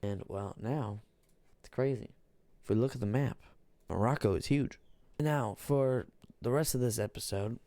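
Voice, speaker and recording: Guy narrating a map war story, gravelly voice, keeps repeating himself. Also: mid-range voice, mellow, no room sound. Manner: repetitive, restarts, halting. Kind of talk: casual map game narration.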